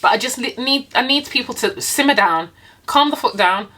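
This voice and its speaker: A woman's voice: a little high, lively intonation, normal speed, sharp tone. A young British woman living in Japan, chatting casually and emphatically to her viewers while eating, with frequent laughs and swearing. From Britain. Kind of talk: casual sit-down chat to camera while eating.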